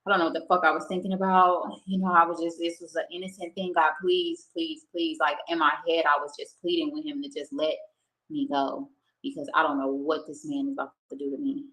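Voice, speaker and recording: A fast-talking young woman with a low, fairly bright voice and flat delivery chats casually with her stream viewers. She recounts a personal experience candidly and emotionally, cursing freely, on a rough home-setup recording.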